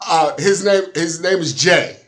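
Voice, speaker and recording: A man hosting a casual interview speaks in a slightly high voice. His talk is chatty and halting, with sentences often started again. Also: fairly bright tone. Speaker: interview host.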